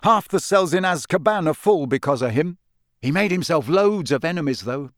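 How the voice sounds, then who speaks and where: A man's voice: a little high, lively intonation, normal speed, no echo, clean studio sound, voice pushed up, lightly acted. A man voicing a knowledgeable young adult wizard who explains things in a matter-of-fact way. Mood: explaining.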